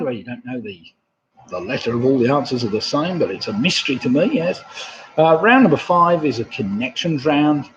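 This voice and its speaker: A man in his sixties from England hosting a live-streamed pub quiz, chatty and reading out viewers' messages with a laugh. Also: on the high side. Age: 60s. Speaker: quiz host. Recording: dull lo-fi home stream audio.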